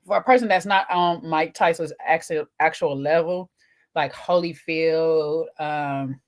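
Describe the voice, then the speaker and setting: A woman's voice: deep voice, unhurried. A woman, co-hosting a casual chat show, talking to viewers while eating, with teasing asides. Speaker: podcast co-host.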